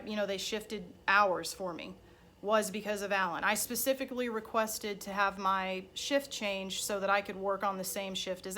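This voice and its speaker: A woman's voice: mid-range voice, bright, forceful tone, slight background noise. A woman life coach telling a personal story in a candid, conversational way.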